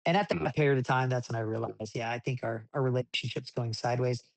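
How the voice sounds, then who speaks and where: A man's voice: mid-range voice, fast talker, gravelly, no echo. Rambling man, dry close mic. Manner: rambling with frequent restarts, animated when retelling. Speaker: desert racing driver, podcast guest. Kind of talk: casual interview storytelling.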